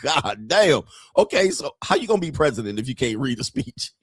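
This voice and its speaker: A man's voice: mid-range voice, sing-song, brisk, husky, no echo, studio quality. A man streaming, reacting to clips in casual, mocking commentary and laughing often.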